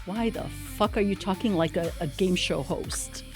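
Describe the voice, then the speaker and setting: A woman's voice: fairly low pitch, normal speed, darkish tone, soft background music. A woman co-hosting a podcast in casual chat, blunt and teasing, swearing freely. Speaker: podcast co-host.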